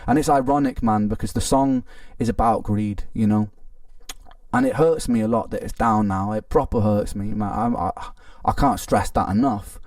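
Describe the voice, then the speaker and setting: A man's voice: fairly low pitch, moderate pace, a little mellow, dry recording, clean studio sound, recorded from a distance. A man telling his story in a played clip, earnest, hurt and indignant, often restarting his sentences. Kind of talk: emotional personal account in a played clip.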